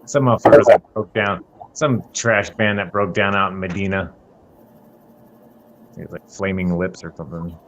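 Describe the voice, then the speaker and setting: A man's voice: low-pitched, steady tone, moderate pace, long pauses, noisy background. A man, a guitar luthier, joking around in casual, profane banter as a guest. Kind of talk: casual chat.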